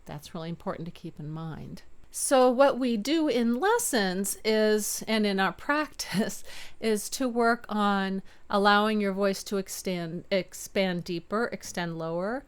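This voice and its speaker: Smooth-voiced woman voice teacher. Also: medium pitch, unhurried. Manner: upbeat, demonstrates chest and head voice by singing. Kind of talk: video voice lesson. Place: home studio with keyboard.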